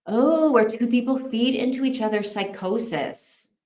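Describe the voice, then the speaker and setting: A woman's voice: fairly high pitch, lively intonation, measured pace, a little mellow, echoey room. A woman hosting a casual livestream, chatting, thinking aloud and reacting to viewer comments. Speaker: livestream host.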